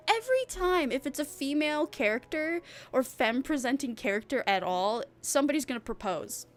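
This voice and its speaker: A woman's voice: sits high, expressive, soft background music. A woman streaming as a VTuber, chatting casually with her live chat in a rambling, giggly way. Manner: giggly, rambling, drawn-out talk.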